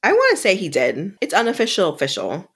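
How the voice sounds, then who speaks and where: A woman co-hosting a casual book podcast, chatty and teasing, quick to give her opinion. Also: medium pitch, huge pitch swings, fairly bright tone, husky. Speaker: podcast co-host.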